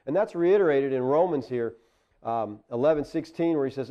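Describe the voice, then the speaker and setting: A man's voice: fairly high pitch, animated, fairly quick. Preacher man with a dull lo-fi sound. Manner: conversational preaching, rising to emphatic exclamations. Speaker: pastor. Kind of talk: sermon.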